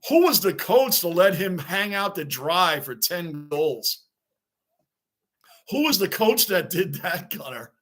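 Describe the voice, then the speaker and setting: Man, high voice, casual live-stream host, chatty, greets chat, sports rant. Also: big pitch swings, slow, a bit bright. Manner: chatty, greets chat viewers, rants about the team.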